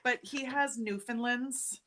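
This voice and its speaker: A woman co-hosting a casual live stream from her sewing room at home, chatty, laughing often and breaking into quick asides. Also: on the high side, fairly even intonation, bright, forceful tone, a little hiss or hum. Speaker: livestream co-host. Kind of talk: casual chat while sewing. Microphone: computer mic on a live stream.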